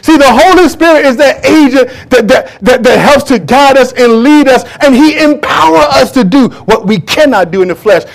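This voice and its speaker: Fervent high-voiced male preacher. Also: moderate pace, creaky, few pauses. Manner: fervent, repeats phrases, asks the congregation questions. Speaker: pastor. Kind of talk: preaching a sermon.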